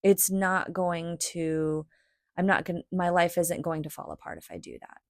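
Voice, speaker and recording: A woman's voice: on the low side, steady tone, normal speed, dry recording, studio quality. A woman in her thirties hosting a solo podcast, talking in an earnest, chatty way about spirituality and rest, often tagging her sentences with "right?". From United States. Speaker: podcast host. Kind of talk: reflective solo talk on spirituality.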